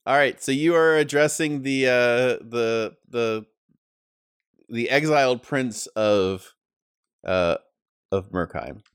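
Halting man running a tabletop game. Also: mid-range voice, clean tone, no echo, clean studio sound. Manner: halting, many restarts and fillers. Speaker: game master.

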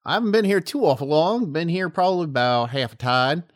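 A man's voice: on the high side, lively intonation, brisk, voice pushed up, natural voice. A man voicing a chatty fish who slips into a southern drawl. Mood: folksy. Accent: American Southern.

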